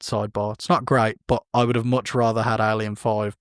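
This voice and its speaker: A man's voice: on the low side, little pitch movement, fairly quick, clear, resonant tone, no room sound, studio quality. A man, co-hosting a podcast and chatting casually about film news in a rambling, self-correcting way. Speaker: podcast co-host.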